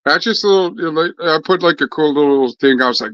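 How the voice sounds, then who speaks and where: A man's voice: mid-range voice, fairly even intonation, fast, a bit bright, no room sound. Man, casual vlog chat, rambling, swears a lot, lots of fillers, dry close sound, slightly muffled. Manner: loose and chatty, swears freely, many fillers and restarts. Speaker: vlogger chatting with viewers.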